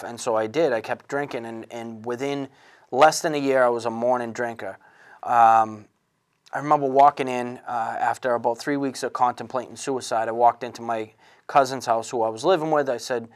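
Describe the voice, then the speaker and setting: Man in his thirties, candid personal testimony, earnest, halting, restarts often, mid-pitched voice. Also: fairly even intonation. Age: 30s. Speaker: person in recovery telling his story.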